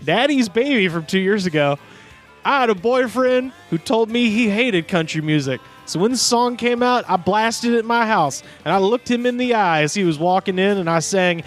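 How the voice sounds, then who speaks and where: A man's voice: sits high, animated, moderate pace, soft background music. A man co-hosting a comedy podcast, reading comments aloud in mocking voices and laughing often. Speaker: podcast co-host. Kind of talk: casual comedic chat.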